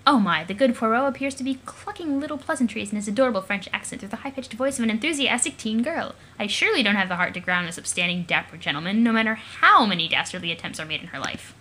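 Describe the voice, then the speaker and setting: A woman's voice: mid-range voice, expressive, fast, few pauses, sharp tone. A woman voicing a fussy middle-aged father with pompous, theatrical politeness.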